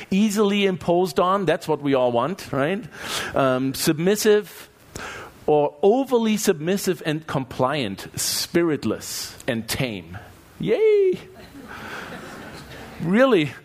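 A man with a German accent, preaching a sermon and asking the congregation lively rhetorical questions. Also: fairly high pitch. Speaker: pastor. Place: church.

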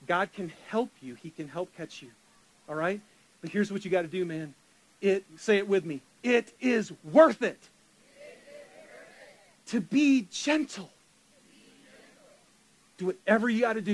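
A man in his forties preaching a sermon, animated, with sarcastic asides, dropping to a hush and then rising loud. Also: high-pitched. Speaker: pastor.

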